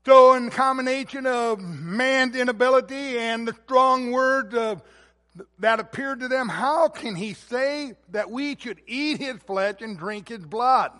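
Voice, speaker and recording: Male pastor, very high voice, emphatic sermon delivery, reverberant hall sound. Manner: emphatic preaching, swells louder on key words.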